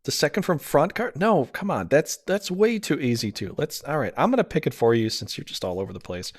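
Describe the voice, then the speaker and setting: A man's voice: on the high side, animated, brisk, breathy edge, no room sound, studio quality. A man doing a casual tarot reading who rambles, talks himself in circles and gets easily flustered. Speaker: tarot reader.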